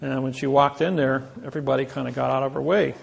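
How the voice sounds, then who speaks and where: A man's voice: medium pitch, steady tone, fast, creaky, slightly rough. A man speaking to a live audience, telling boastful stories and acting out the quotes of others. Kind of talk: anecdotal lecture to a live audience.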